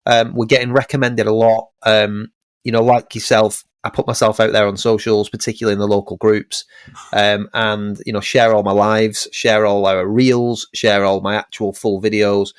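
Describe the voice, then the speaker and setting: A man's voice: on the low side, little pitch movement, normal speed, clear, resonant tone, no room sound. A man co-hosting a casual podcast as an estate agent, chatting with lots of ums and restarts and re-enacting his clients.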